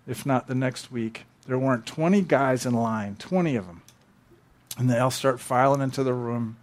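A man's voice: mid-range voice, normal speed. A man preaching a sermon, telling stories conversationally and acting out quotes with animation. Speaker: pastor. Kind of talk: sermon with storytelling.

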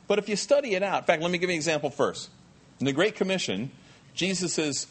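Male pastor, middle-aged, husky voice, swooping lively pitch, chatty sermon with asides. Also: fairly quick. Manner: lively, conversational preaching with jokey asides.

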